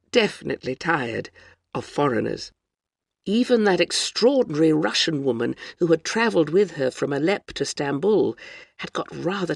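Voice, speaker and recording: An audiobook narrator giving a measured, even scripted narration of a novel. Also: mid-range voice, creaky, husky, no echo, studio quality.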